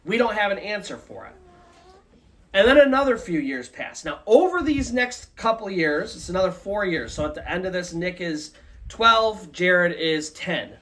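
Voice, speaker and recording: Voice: mid-range voice, lively intonation, moderate pace, fairly bright tone. A storyteller giving a live, loosely conversational retelling of a ghost story. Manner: loose conversational telling with many "like" and "kinda".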